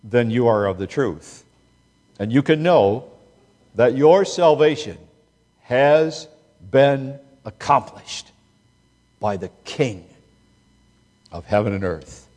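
A man preaching a sermon as pastor, slow and deliberate, with emphatic rises on key words. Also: mid-range voice, animated, a little mellow, long reverb tail.

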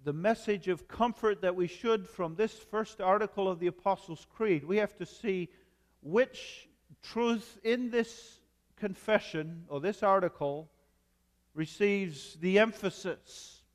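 A man preaching a sermon as a pastor, measured, with emphatic repetition. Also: high-pitched, in a large hall.

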